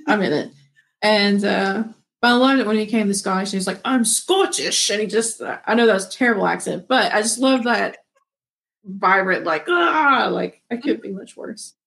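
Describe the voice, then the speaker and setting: A woman's voice: medium pitch, normal speed, creaky, fairly bright tone. A woman in casual podcast chat, telling a rambling anecdote with laughs.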